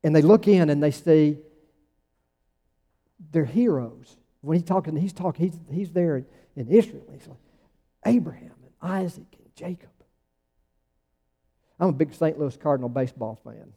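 A man's voice: on the high side, normal speed, warm tone. A man preaching a sermon in a conversational, emphatic way, with sudden rising bursts. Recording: long church reverb.

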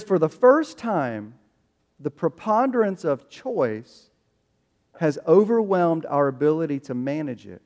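A man preaching a sermon from the pulpit, his voice sitting high for a man. He is animated and acts out the people he quotes. His words ring with the long reverb of a large hall. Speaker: pastor.

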